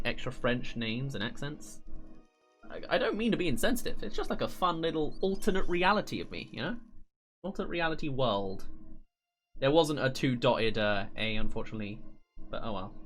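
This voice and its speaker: British man, streamer, playful running commentary, very animated pitch, medium voice. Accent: British English. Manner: chatty, playful, thinks aloud and reads chat. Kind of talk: casual let's-play commentary.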